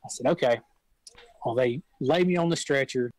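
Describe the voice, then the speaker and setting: Folksy young firefighter telling stories. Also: male voice, mid-range voice, moderate pace, dry recording, poor audio. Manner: rambling, folksy storytelling with repeated restarts. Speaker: guest, volunteer firefighter. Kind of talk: casual storytelling.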